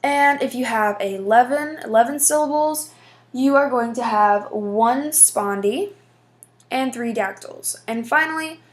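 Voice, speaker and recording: A woman's voice: a little high, unhurried. A woman teaching a lesson, explaining patiently step by step with frequent fillers. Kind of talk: casual classroom explanation.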